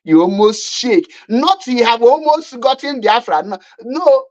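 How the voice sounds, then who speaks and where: A woman's voice: a little high, expressive, measured pace, a little mellow, muffled recording. A woman with a Nigerian accent giving mocking online commentary, scornful and repetitive. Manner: scornful, repetitive, laughing at her opponents.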